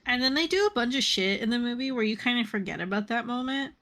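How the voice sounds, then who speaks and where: Fast and on the high side, a woman's voice carries a casual live-stream chat where she animatedly recaps movie scenes, laughing often and swearing casually.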